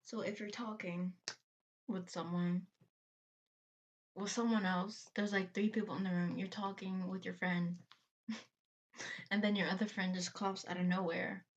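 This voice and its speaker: Woman reaction host, unhurried, rambly and giggly, on a muffled lo-fi mic. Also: medium pitch, flat delivery. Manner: chatty, tangent-prone, laughs between phrases. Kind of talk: casual rambling chat.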